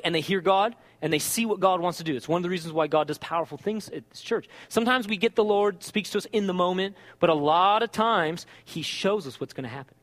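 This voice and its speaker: A man preaching a sermon as a pastor, telling stories with lively acted-out dialogue. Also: high-pitched, big-room sound. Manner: animated storytelling, acts out dialogue.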